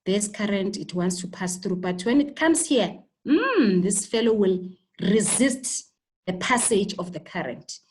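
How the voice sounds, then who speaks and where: A woman's voice: medium pitch, a little slow, a little mellow, rough recording. A woman with a South African accent teaching a school technology lesson, stammering on repeated words and checking in with "okay?" often. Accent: South African English. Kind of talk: live online lesson.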